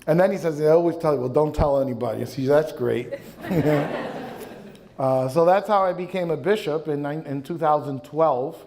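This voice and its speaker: Bishop in his fifties, male, light higher voice, dry humor, rambling live anecdotes with lots of fillers. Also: moderate pace, darkish tone, slight background noise. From New York area. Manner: wry anecdotal storytelling, many ums and uhs. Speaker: bishop, guest speaker. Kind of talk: storytelling talk to a young adult audience. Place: live talk event before an audience.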